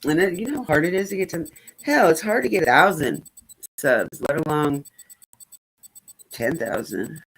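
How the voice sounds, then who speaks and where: Low-voiced chatty woman. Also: lively intonation, normal speed, long pauses, slightly rough, rough recording. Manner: chatty, rambling, swears casually. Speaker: streamer. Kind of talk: casual chat.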